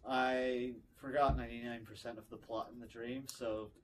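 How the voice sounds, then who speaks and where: A man's voice: medium pitch, level tone, moderate pace, a little hiss or hum, low-quality recording. A man telling the class an anecdote in an informal, self-deprecating way. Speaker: student. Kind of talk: answering in class discussion.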